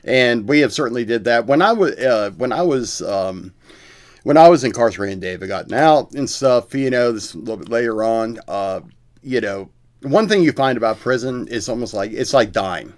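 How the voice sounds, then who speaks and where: A man's voice: medium pitch, lively intonation, normal speed. Earnest middle-aged man reflecting. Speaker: guest. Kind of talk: casual conversation.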